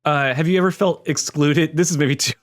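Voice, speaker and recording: A man's voice: on the high side, a little fast. A man co-hosting a fan podcast, talking in a rambling, easygoing way. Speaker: podcast co-host. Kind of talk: casual chat.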